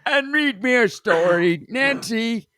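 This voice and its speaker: A man doing a comic impression of a slow-speaking old male politician. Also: very high voice, animated, sharp tone, dry recording, studio quality, voice pushed up, exaggerated voice. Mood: mock-solemn.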